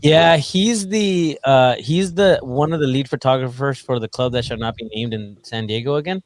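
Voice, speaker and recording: A man's voice: mid-range voice, normal speed. A man co-hosting a podcast in casual chat, laid-back and chatty. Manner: laid-back, lots of fillers and laughs. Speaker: podcast co-host.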